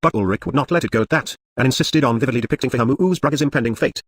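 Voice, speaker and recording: A man reading a literary novel aloud as an audiobook narrator, in a brisk, even manner. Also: mid-range voice, slightly rough, no room sound. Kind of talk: scripted narration.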